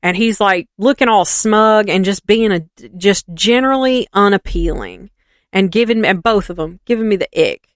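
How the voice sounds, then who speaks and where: A woman's voice: medium pitch, normal speed, dry recording. A woman co-hosting a podcast, animatedly retelling a reality show in casual chat and acting out the quotes. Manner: animated gossipy storytelling, acts out quotes. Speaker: podcast co-host.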